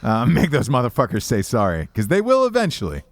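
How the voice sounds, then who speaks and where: A man's voice: medium pitch, wildly swooping pitch, a little fast, dry recording. Profane rambling podcast host, a man. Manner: rambling and profane, with many restarts. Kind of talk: casual profane chat.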